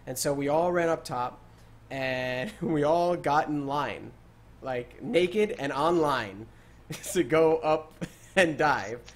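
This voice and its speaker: A young man hosts a casual gaming podcast, his voice on the high side and his pace slow. He tells excitable stories full of fillers and bursts of laughter.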